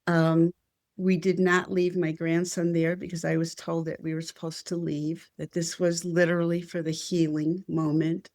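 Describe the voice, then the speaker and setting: A woman's voice: fairly low pitch, no room sound, studio quality. An older woman telling a personal spiritual story as an interview guest, earnest and heartfelt.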